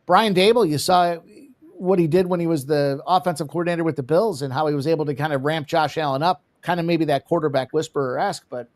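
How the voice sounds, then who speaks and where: Man, host, fairly high voice, animated, quick sports talk, live betting chat.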